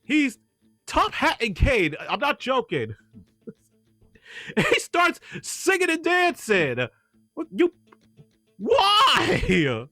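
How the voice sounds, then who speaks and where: A man's voice: very high voice, slow pace, long pauses, no room sound, soft background music. A man in a casual chat about a film, retelling scenes with lots of laughing and acted-out lines. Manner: animated, acts out movie lines, laughs often. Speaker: co-host. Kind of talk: casual movie discussion.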